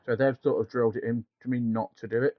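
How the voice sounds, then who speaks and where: A man's voice: medium pitch, fairly even intonation, quick pace. A man co-hosting a casual podcast, chatty and rambling, laughing often. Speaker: podcast co-host. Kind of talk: casual chat. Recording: dull lo-fi sound.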